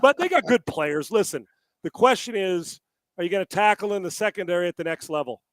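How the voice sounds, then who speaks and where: A man co-hosting a casual sports talk show, animated and profane, often stammering and restarting his sentences. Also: high-pitched, fairly quick, no room sound. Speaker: sports analyst co-host.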